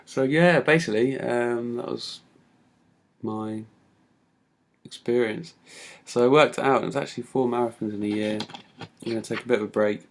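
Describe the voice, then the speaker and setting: A man's voice: mid-range voice, moderate pace, pauses often. A man telling a personal story in a talk, casual and full of fillers. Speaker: speaker giving a talk.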